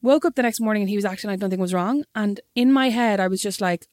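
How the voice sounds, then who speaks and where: Fast-talking Irish woman telling a story. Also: mid-range voice, no echo, clean studio sound. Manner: animated storyteller acting out quotes. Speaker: podcast co-host. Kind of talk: casual storytelling chat.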